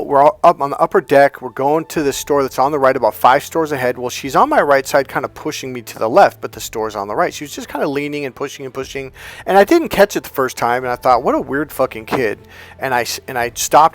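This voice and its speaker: A man's voice: mid-range voice, no room sound. A man working as a dating coach, delivering a motivational monologue through emphatic, profanity-laced storytelling.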